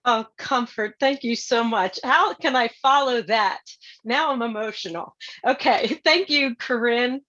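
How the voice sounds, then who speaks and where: A woman's voice: on the high side, a little slow, fairly bright tone. A woman giving a grateful, emotional speech as a guest at an online event. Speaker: guest speaker. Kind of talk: prepared speech. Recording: dull lo-fi audio.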